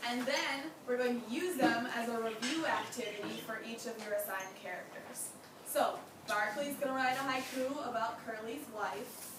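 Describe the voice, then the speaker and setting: A woman's voice: a little high, normal speed. A young woman teaching a class, who encourages her students and asks them many questions. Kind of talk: classroom lesson. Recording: echoey room from far off, background noise.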